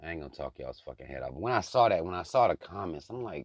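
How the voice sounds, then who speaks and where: Deep-voiced man ranting bluntly. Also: sing-song, fast, few pauses, no echo. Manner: blunt, profane and heated. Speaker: channel host. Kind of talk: casual political commentary rant.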